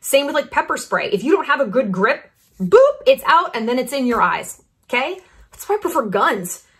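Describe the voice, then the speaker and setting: Sitting high with big pitch swings and a fairly bright tone, this woman in her thirties vlogs as a YouTube commentator. Expect a brash, blunt, sarcastic opinion piece with quick asides.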